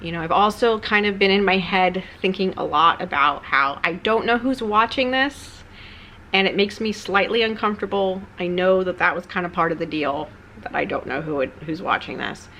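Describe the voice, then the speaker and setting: A woman with a somewhat low voice talks straight to camera in a personal vlog, rambling and candid. Her delivery is subdued and confessional, like she's letting the viewer in on hard things. A faint hiss of noise sits underneath. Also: normal speed, fairly bright tone. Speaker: YouTuber.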